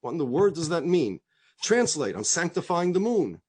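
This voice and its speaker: Middle-aged New rabbi, animated storyteller, voice that swings up and down and a little high. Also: male voice, normal speed, husky. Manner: animated storyteller, acts out quoted dialogue, frequent repetitions. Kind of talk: conversational talk, telling stories.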